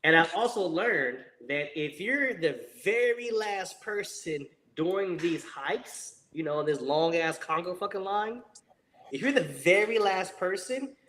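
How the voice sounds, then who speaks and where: A man in his forties with a notably high voice tells a long story in casual chat. He swears freely and laughs through his lines, animated and unfiltered. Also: slight background noise. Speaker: guest, former Marine.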